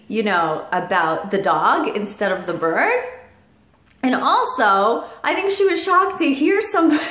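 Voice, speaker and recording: A woman's voice: sits high, fairly bright tone. Chatty woman in an echoey room. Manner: chatty, with many fillers and asides to her parrot. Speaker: parrot vlogger. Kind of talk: casual storytelling to camera. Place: indoor room at home with her parrot.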